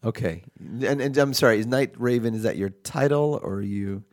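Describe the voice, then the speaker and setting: A man hosting a comedy podcast, rambling through improvised banter with many halting fillers. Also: mid-range voice, darkish tone. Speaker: podcast host.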